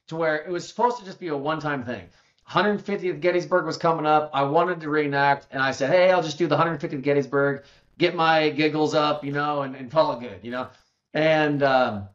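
A man talks as a podcast guest in a casual, rambling flow full of restarts and asides. His voice sits a little high and gets livelier when he quotes other people. The recording sounds dull and lo-fi. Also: fairly bright tone. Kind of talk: casual interview storytelling.

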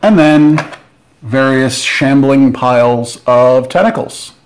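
Excitable man unboxing a board game. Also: mid-range voice, slow pace, slight background noise. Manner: excitable, joking asides. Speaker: board game channel host. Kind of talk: casual unboxing commentary.

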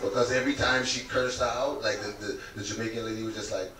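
A male stand-up comedian telling a crude story loudly and with animation, live at an event on a cruise ship. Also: mid-range voice, steady tone, fast talker, background noise. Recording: echoey room, far mic, loud crowd.

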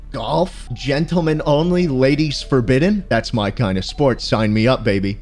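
A young man giving crude, excitable gameplay commentary and yelling at the game. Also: mid-range voice, normal speed, few pauses, faint music behind. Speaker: streamer.

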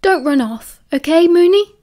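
A woman's voice: extremely high pitch, expressive, moderate pace, mellow, voice pushed up. A woman with a British accent voicing a cheerful, eager teenage boy who reassures his friend.

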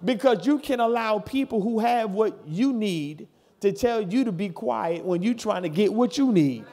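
A man's voice: sits high, expressive, normal speed, dark tone. A pastor in his thirties preaching a sermon to his congregation in church, building from plain talk into hollering. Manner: talks straight to the congregation.

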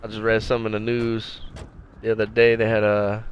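A man's voice: fairly low pitch, level tone, brisk, lo-fi sound, slight background noise. A man giving casual, slangy, laid-back commentary while playing a video game. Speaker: gameplay commentator.

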